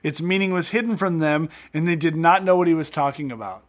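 A man co-hosting a podcast, reading scripture and retelling the stories with animated acted-out voices in a studio. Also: fairly high pitch, brisk. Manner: animated storyteller acting out scenes. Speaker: podcast co-host. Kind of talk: casual Bible-reading podcast chat.

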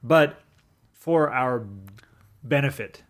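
A man co-hosting a podcast, talking through theology in a thoughtful, halting way with restarts. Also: mid-range voice. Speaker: podcast co-host. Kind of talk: casual Bible study chat.

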